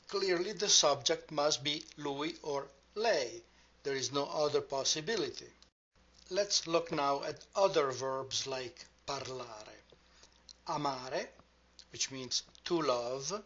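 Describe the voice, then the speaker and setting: A man teaching a grammar lesson, patient and measured, spelling out each form. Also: medium pitch, a bit bright. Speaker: language teacher. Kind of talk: slow, deliberate grammar lesson. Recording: dull lo-fi sound.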